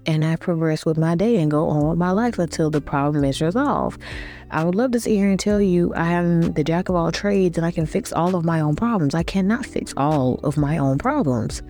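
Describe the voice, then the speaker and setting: A woman vlogger talking in a relaxed, reflective monologue, chatty and informal with many fillers. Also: fairly low pitch, fairly quick, soft background music.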